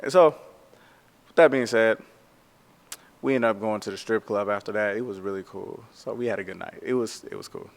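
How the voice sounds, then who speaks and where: A man who works as a tattoo artist, telling a story in a casual, animated way, full of slang and "like". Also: lowish voice, normal speed, vocal fry, pauses often, in a large hall.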